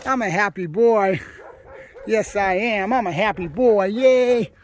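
A man's voice: sits high, slow pace. A man voicing a happy, carefree pup. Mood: gleeful. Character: happy young male dog, carefree.

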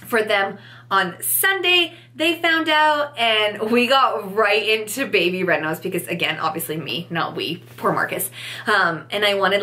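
A pregnant young woman telling a story to camera in a casual vlog, animated and chatty, acting out what people said. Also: mid-range voice. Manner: animated, chatty, acts out quotes. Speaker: vlogger.

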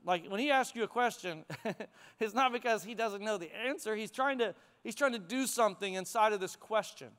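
A middle-aged male pastor preaches to his congregation in a church sanctuary, conversational and animated, chuckling as he goes. His voice sits high and smooth at a normal speed. The recording carries a long hall reverb.

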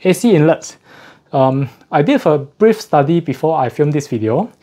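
A man's voice: fairly high pitch, lively intonation, moderate pace, dark tone. A man reviewing audio gear in a casual unboxing walkthrough, slightly out of breath, explaining technical details methodically and correcting himself as he goes.

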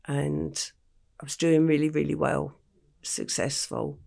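An older woman from England, telling her life story in an interview at a slow, matter-of-fact pace. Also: low-pitched, flat delivery, darkish tone. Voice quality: gravelly, husky voice. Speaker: podcast guest.

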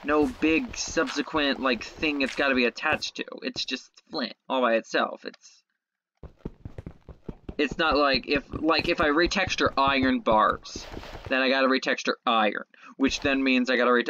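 A woman giving casual gameplay commentary, excitable, talking to herself and swearing when things go wrong. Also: low-pitched, a little slow, muffled recording, a little hiss or hum. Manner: excitable, talks to herself, swears, frequent yelps and laughs.

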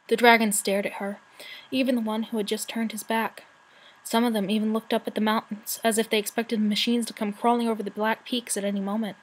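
A woman reading a children's novel aloud as narrator, in a steady, clear manner. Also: mid-range voice, a little fast, low-quality recording. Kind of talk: storybook narration.

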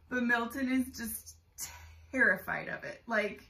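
A young woman chats through a casual home vlog, excitable and full of fillers. Her voice sits a little high and sounds very bright. She is heard a little way off the mic in a roomy, echoing space. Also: a little slow, far from the mic. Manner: chatty and excitable, many fillers, high coos to her bird. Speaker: bird vlogger. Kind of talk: casual show-and-tell vlog. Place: room at home. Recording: roomy echo, voice a bit off-mic.

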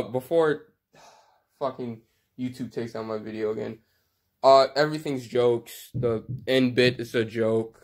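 A man talking casually in a comedic vlog rant, profane, sarcastic and self-mocking, with exaggerated, melodramatic frustration. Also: mid-range voice. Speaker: sports fan YouTuber.

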